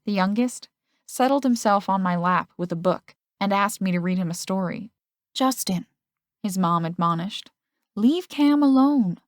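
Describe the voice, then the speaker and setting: A woman's voice: no echo, clean studio sound. A woman reading a first-person audiobook, giving the characters' lines small shifts of voice. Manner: reads male and female characters' lines with shifts in pitch. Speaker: audiobook narrator.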